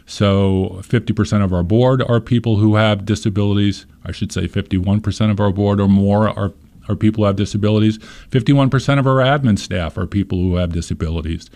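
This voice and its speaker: Low-pitched man, interview guest, earnest and explanatory. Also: fairly even intonation, fairly quick, a little mellow. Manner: earnest, explains with examples and stories. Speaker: nonprofit leader being interviewed. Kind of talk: conversational interview.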